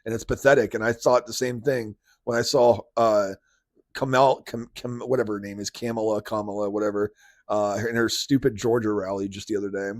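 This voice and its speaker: A man's voice: lowish voice, steady tone, a little fast, no echo, studio quality. A man hosting a podcast, ranting in casual commentary and sounding incredulous as he reacts. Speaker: podcast host.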